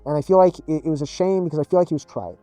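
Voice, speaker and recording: A man's voice: fairly high pitch, very fast, mellow, no echo, soft background music. A man telling a rambling personal story in blunt, profane, casual speech as a gaming video creator.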